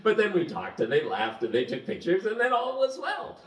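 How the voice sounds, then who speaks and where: A man telling a story to the camera in a casual, animated way, chuckling as he goes. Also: sits high, a little fast. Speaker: vlogger. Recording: echoey room, mic at a distance.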